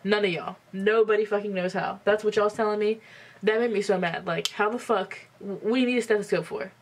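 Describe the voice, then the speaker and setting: Doing her makeup on camera at home, a woman in her twenties tells a story bluntly and emphatically, cursing without hesitation. The beauty vlogger speaks a little fast in a steady, mid-range voice picked up by the camera mic.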